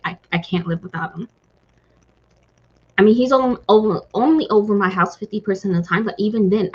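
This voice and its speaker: A woman's voice: medium pitch, breathy edge, highs cut off. A woman hosting a reading stream, chatting casually and emotionally with viewers, rambling with many fillers and restarts. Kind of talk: casual chat with live viewers.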